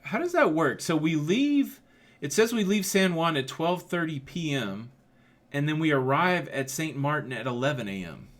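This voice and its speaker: Bright-voiced joking livestream host man. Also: a little high, lively intonation, normal speed. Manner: joking, reads viewer comments aloud. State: slight chest cough. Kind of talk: casual live-stream chat.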